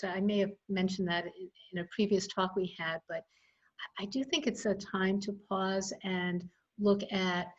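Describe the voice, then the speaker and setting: A woman speaking as a guest expert on early childhood education in a casual webinar conversation, reflective and thoughtful with frequent pauses. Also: on the low side. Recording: slightly dull video call audio.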